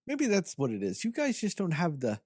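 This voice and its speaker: In clean studio sound with no echo, a husky, high-voiced man talks a little fast. He's a podcast co-host giving a casual movie review, ranting about the film with lively sarcasm and plenty of profanity.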